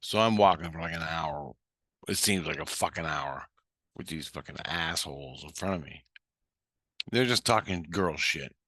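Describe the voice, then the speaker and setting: Man, very deep voice, sharp tone, blunt profane storytelling, dry close recording. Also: moderate pace, no echo. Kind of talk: casual storytelling.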